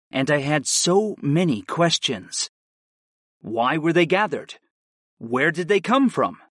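A man narrating a first-person fantasy audiobook with an expressive, varied delivery. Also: on the high side, no room sound, studio quality.

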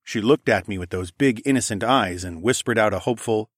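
Low-voiced male audiobook narrator. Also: a little fast, no room sound, studio quality. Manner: lively storyteller who voices characters, with casual swearing. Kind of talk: first-person fantasy audiobook narration.

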